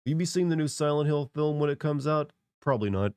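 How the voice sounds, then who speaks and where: A man's voice: fairly high pitch, lively intonation, fast, a little mellow, clear, resonant tone, no room sound, clean studio sound. A congested man streaming, rambling casually as he answers chat. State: congested from a cold.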